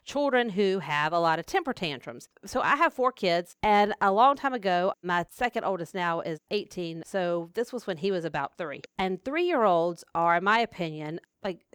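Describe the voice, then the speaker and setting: A woman in her forties hosting a podcast, telling stories in a lively, casual way and laughing often. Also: fairly low pitch, moderate pace, hardly any pauses, smooth, no echo, clean studio sound. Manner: animated storyteller, laughs often. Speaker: podcast host, speech therapist.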